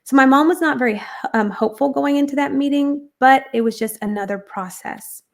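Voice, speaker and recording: Speaking a little fast in a high-pitched voice, a woman appears as a guest to tell her personal story earnestly. She often says um and starts her sentences over as the conversation goes on.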